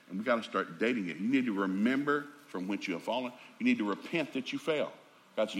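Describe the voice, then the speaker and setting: A middle-aged man preaching a sermon in a folksy, animated, joking storytelling manner. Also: fairly low pitch, fast, a little hiss or hum.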